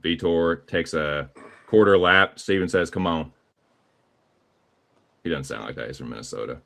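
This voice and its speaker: A man's voice: low voice, animated, a little fast, creaky, fairly bright tone. A man with a Southern US accent calling live fight action play by play, casual and profane. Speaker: play-by-play commentator.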